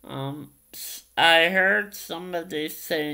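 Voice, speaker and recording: A man's voice: a little high, lively intonation, drawn-out words, pushed and bright, clear, resonant tone. A man vlogging casually, telling stories in a hesitant way with many ums and repeated phrases. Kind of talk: casual vlog storytelling.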